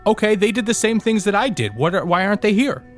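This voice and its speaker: A man's voice: high-pitched, expressive, fast talker, soft background music. A man playing a tabletop game in character, speaking in a hesitant, polite way. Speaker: player.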